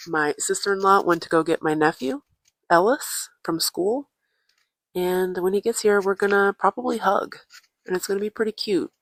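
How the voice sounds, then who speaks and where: A woman's voice: mid-range voice, a bit bright. A woman in a mid-range voice keeps a casual travel audio diary, full of playful jokes and mock-serious asides. She talks close into a tiny clip-on microphone, and the sound is dry with almost no room echo. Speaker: podcast co-host. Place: indoors at a relative's family home. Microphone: tiny clip-on influencer microphone.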